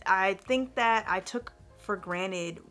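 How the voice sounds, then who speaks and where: A woman's voice: mid-range voice, slow pace, a bit bright, soft background music. A young woman gives a candid, chatty vlog update, ranting freely with lots of fillers. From United States. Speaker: vlogger, teacher in Japan.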